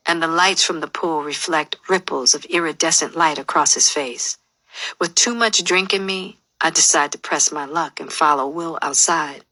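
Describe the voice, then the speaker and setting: A woman's voice: sits low, sharp tone, dry recording. A woman narrating her own memoir as an audiobook, telling her story in a candid, emotionally open way.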